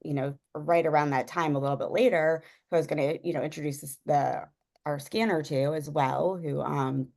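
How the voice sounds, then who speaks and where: A woman's voice: sits low, steady tone, normal speed, creaky, a little mellow. A young woman telling a personal story in a casual, rambling way, with many fillers and frequent laughs. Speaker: guest sharing a personal story.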